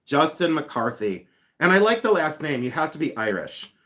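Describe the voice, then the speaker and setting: Hosting a relaxed live chat, this fifty-something man jokes with viewers by name, mocks himself and breaks into humming and scatting. He talks at normal speed in a fairly high, slightly bright voice with big pitch swings.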